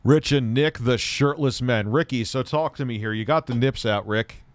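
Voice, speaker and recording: A man's voice: mid-range voice, moderate pace, dry recording. A middle-aged man hosting a live tech stream, rambling and cracking crude jokes at his chat.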